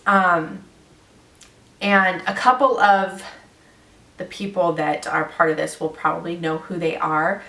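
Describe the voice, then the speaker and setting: A woman's voice: on the low side, fairly even intonation, slow, bright, forceful tone, far from the mic. A woman vlogger in a casual, earnest chat to her viewers, rambling with lots of um and like. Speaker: beauty vlogger. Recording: echoey room, a bit off mic.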